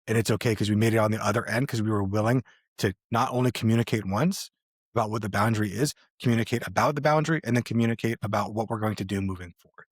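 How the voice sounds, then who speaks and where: A man's voice: lowish voice, fast, slightly rough, dry recording, clean studio sound. A man co-hosting a podcast, speaking candidly and reflectively in casual chat. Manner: reflective, candid, with fillers and restarts. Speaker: podcast co-host.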